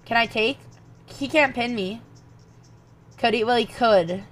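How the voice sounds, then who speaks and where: A young woman with a slightly high voice talks through her chess moves as she streams. She mutters lines and calculations to herself, then turns to chat with her viewers in louder, animated bursts. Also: a little slow. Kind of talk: thinking aloud while playing chess online.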